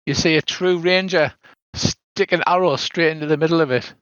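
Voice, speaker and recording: Older game master, dull lo-fi sound. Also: male voice, fairly high pitch, moderate pace, a bit bright, clear, resonant tone, no echo. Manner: descriptive, tosses in "so there is". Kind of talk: narrating a tabletop game.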